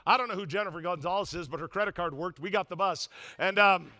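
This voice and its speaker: A man pastor preaching a sermon in a church, telling a story with lively call-and-response to the congregation. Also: high voice, quick pace. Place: church auditorium.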